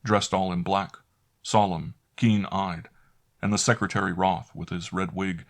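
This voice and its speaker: Deep-voiced man narrating a horror tale. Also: steady tone, gravelly. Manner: measured, dramatic first-person storytelling.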